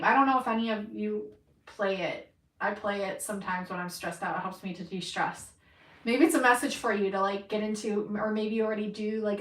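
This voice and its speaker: A woman's voice: a little high, fairly bright tone, reverberant, far from the mic. A woman giving an intuitive reading to a viewer, emphatic and encouraging, swearing freely for emphasis. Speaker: tarot reader.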